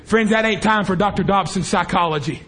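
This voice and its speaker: A man's voice: high voice, fairly quick, crowd noise. A man preaching a fervent revival sermon in a church service, impassioned and repetitive as he calls out to the congregation.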